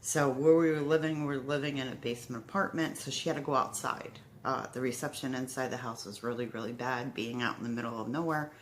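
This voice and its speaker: A woman in her forties telling her own story in a halting, emotional way, with many fillers and restarts. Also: a bass voice, a bit bright, a little hiss or hum. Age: 40s. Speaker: heart attack survivor telling her story. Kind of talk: personal storytelling to camera.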